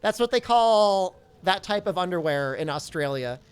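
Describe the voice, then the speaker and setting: A man's voice: sits high, lively intonation, normal speed, clear, resonant tone, faint music behind. A man streaming a video game, chatting casually and jokingly as he reads viewers' questions aloud. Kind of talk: casual live-stream chat.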